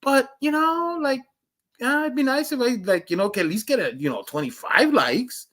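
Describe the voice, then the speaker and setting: A man chatting casually to viewers on his livestream, joking and rambling, laughing often and swinging between loud outbursts and low mutters. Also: expressive, moderate pace. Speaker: livestream host.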